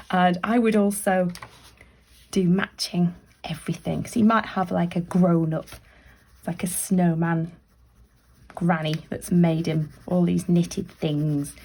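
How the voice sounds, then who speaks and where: A woman leads a children's drawing tutorial in a chatty, encouraging way, often dropping into soft whispered asides. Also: lowish voice, steady tone, slow pace, vocal fry. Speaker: library staff member leading a craft activity.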